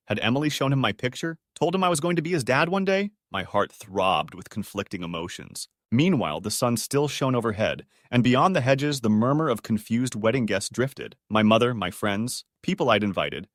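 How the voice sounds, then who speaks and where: Expressive male story narrator. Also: medium pitch, normal speed, hardly any pauses, no echo, clean studio sound. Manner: emotional storytelling. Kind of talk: scripted first-person narration.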